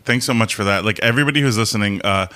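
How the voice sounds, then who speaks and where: A man's voice: on the low side, rapid-fire, pushed and bright. A man hosting a casual interview with his mother, encouraging and brief. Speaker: host.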